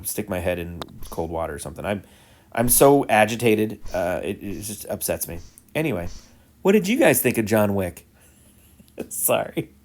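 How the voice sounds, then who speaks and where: A man hosting his own gaming video, ranting in an exasperated, animated way about a movie while he plays, with sighs and laughs. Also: medium pitch. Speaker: gaming channel host. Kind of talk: casual ranting gameplay commentary.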